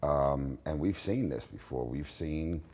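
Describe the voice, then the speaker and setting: A man with a raspy voice giving blunt, confident opinions in a candid interview at his home. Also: very deep voice, expressive, unhurried, darkish tone. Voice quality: raspy, gravelly voice. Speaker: interview guest, singer.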